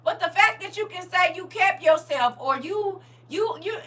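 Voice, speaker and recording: A woman with a high, sharply bright voice chats through a casual livestream, reading viewer comments aloud. She is animated and colloquial, laughs often, and speaks straight to her viewers with church-style encouragement. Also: moderate pace. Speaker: livestream host.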